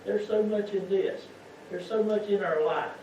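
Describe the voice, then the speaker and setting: A man's voice: sits high, normal speed, darkish tone, a little hiss or hum. A man gives a folksy sermon as a lay preacher, often putting questions to the congregation. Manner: folksy, keeps asking the congregation rhetorical questions. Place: church sanctuary. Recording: echoey, muffled church sound from far off.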